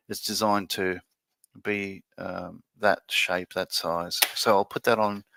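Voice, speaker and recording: Male streamer, gravelly, hesitant and musing, dry close sound. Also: on the low side, sharp tone, no room sound. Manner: musing, hesitant, many fillers and restarts. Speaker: livestream host building a model ship. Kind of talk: casual live-stream chat.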